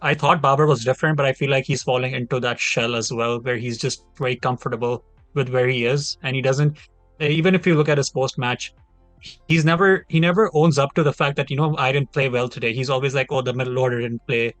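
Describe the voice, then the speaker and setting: Young male panelist, opinionated and heated, middle-pitched, dry sound. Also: fairly even intonation, brisk, a bit bright, dry recording, faint music behind. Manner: opinionated, talks at length, heated. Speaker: podcast panelist. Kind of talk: casual podcast discussion.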